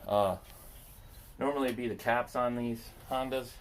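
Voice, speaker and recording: Steady in tone, medium in pitch, and normal in pace, a man who runs a landscaping business rambles casually while fixing a machine. He talks to himself and makes light of himself, with slight background noise.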